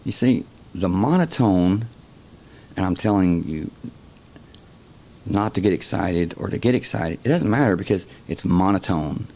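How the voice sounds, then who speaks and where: Slow, gravelly deep-voiced man. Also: expressive, warm tone. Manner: halting, repeats words, slow and deliberate. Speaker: host. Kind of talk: casual explanatory monologue.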